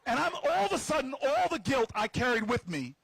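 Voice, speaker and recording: Husky animated man telling a story. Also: extremely high pitch, a little fast, no room sound, rough recording. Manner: animated storyteller, playful asides to the crowd. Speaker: senator. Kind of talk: storytelling at an outdoor rally. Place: outdoors on building steps.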